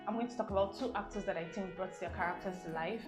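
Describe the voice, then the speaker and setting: A woman's voice: mid-range voice, quick pace. A young woman with a Nigerian accent chatting casually as she reviews a film, rambling with "um" and "I mean" asides. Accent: Nigerian English. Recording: roomy sound with music behind.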